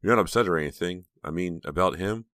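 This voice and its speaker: A man's voice: sits low, big pitch swings, a bit bright, no echo, clean studio sound, pitched above the performer's own voice. A man doing an earnest teenage girl. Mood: worried. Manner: earnest, quick to blush. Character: teenage girl, anxious and warm.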